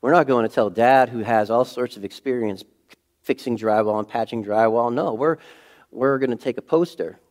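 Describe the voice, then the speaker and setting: A middle-aged man preaching a sermon in a conversational way, full of rhetorical questions, swinging between loud emphasis and hushed moments. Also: medium pitch, moderate pace. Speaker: pastor.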